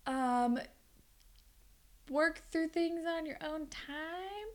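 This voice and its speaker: A woman's voice: high voice, drawn-out words. A young woman co-hosting a podcast, recapping a TV episode in casual chat, swearing often and laughing a lot. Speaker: podcast co-host.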